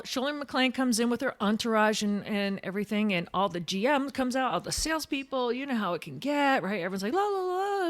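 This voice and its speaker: A woman tells a story in a casual podcast chat. Her voice sits a little high, and she slips into the voices of the people she quotes. She keeps an animated storyteller's pace throughout. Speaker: podcast co-host.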